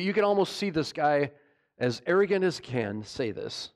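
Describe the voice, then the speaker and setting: A pastor preaching a sermon, animated and mocking, firing rhetorical questions at his listeners. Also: high-pitched, moderate pace.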